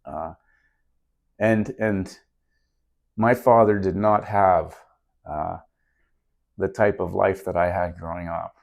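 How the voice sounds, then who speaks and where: A man's voice: deep voice, fairly even intonation, takes it slowly, vocal fry, long pauses. A middle-aged man, a podcast guest, telling a story in an earnest, reflective way during a casual interview.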